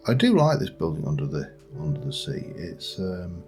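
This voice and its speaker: A man's voice: low voice, sing-song, normal speed, darkish tone. A man giving casual, meandering let's play commentary and talking to the creatures in his game as he plays. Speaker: gaming channel host. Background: faint background music.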